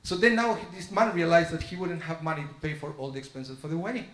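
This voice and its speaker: Guy giving a sermon, slightly high voice, tells a story and plays out the dialogue, echoey sanctuary. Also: fast, a bit bright. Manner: storytelling sermon, acts out dialogue with shifting pitch. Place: synagogue sanctuary.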